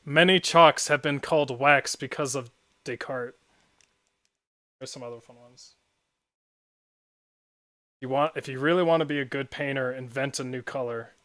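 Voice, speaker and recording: A man's voice: mid-range voice, normal speed, pauses often, pushed and bright, no room sound. A young man streaming and chatting casually while gaming, rambling and often laughing at his own stories.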